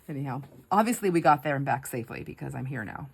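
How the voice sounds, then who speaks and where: Low-pitched with huge pitch swings, this woman's voice carries vocal fry and a breathy edge at a measured pace. She is a middle-aged craft vlogger from the United States who tells stories while crafting, laughing often and talking aside to viewers.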